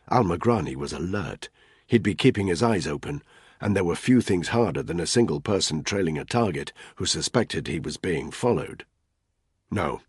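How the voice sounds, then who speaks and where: A man narrating a thriller audiobook in a measured, tense storytelling manner. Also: low voice, husky, no room sound, studio quality.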